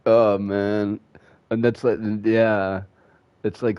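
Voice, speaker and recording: A man's voice: lowish voice, little pitch movement, takes it slowly, darkish tone, clean tone, no echo. A man streaming a game, telling rambling, profane stories in a casual way. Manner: rambling, profane, laughs at his own stories. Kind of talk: casual storytelling while gaming. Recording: dull dry home mic.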